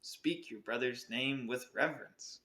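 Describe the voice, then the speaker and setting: A man voicing a stern, impatient mother in a storybook, speaking slowly and haughtily. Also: mid-range voice, sharp tone. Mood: scolding. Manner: slow, haughty, scolding. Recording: roomy echo.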